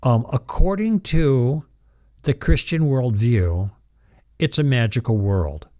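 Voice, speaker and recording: A male radio talk show host in a call-in conversation. His voice is dark and mellow, and he guides the caller one step at a time. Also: mid-range voice, expressive, slow.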